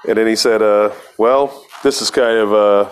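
A man's voice: lowish voice, steady tone, moderate pace, smooth. A man hosting a podcast, telling a rambling, profane story in a casual monologue with laughs between lines. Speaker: podcast host.

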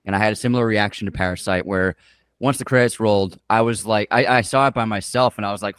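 A man's voice: on the low side, fairly even intonation, fast talker, fairly bright tone, smooth, no echo, studio quality. A man hosting a podcast, chatting casually and with enthusiasm about his favorite films. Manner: enthusiastic, loose, with filler words. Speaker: podcast host. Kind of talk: casual movie review chat.

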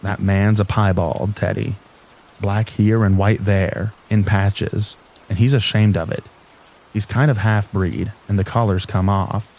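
This is a country carter, as a man puts him on, talking in rustic dialect with a knowing, mysterious air. The voice is low and mellow. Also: fairly even intonation, measured pace, low-quality recording.

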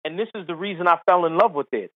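A man, a former tour caddie, telling a story as a podcast guest in casual chat, animated and laughing as he acts out the people in it. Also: high voice, fast, dry recording. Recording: tinny phone-line sound.

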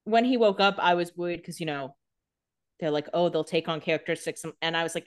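Woman co-host, a touch low in pitch, blunt and opinionated in casual recap chat. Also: brisk, clear, resonant tone. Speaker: podcast co-host.

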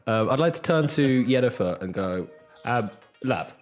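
A man playing a tabletop game, talking hesitantly with many pauses. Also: mid-range voice, lively intonation, soft background music. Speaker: player. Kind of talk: casual tabletop play.

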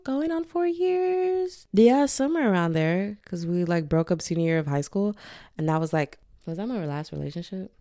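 A woman's voice: lowish voice, lively intonation, moderate pace, dark tone, dry recording, clean studio sound. A woman in her twenties talking bluntly and animatedly in a casual confessional monologue, swearing freely. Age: 20s.

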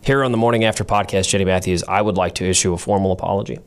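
A man's voice: deep voice, fairly even intonation, rapid-fire, clean tone. Rambling male podcast co-host. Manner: rambling, self-correcting, apologetic. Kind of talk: casual chat.

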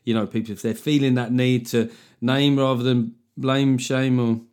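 A man's voice: mid-range voice, little pitch movement, moderate pace, darkish tone, slight background noise. Jokey man hosting a podcast. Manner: jokey, punning, conversational. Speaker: podcast host. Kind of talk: casual comedic chat.

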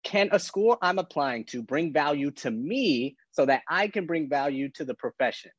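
A man's voice: on the high side, expressive, moderate pace, breathy edge, dry recording. A man co-hosting a podcast, talking earnestly and encouragingly to listeners. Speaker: podcast co-host, physical therapist. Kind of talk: casual podcast talk. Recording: dry, muffled lo-fi sound.

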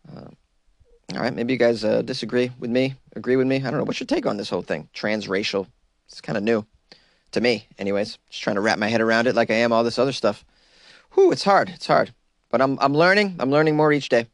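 A man's voice: medium pitch, quick pace, no echo. A male talk radio host riffs on the news in a wisecracking, chatty way, laughing at his own jokes. His voice sits in a plain middle range and is recorded dry and close on a studio mic.

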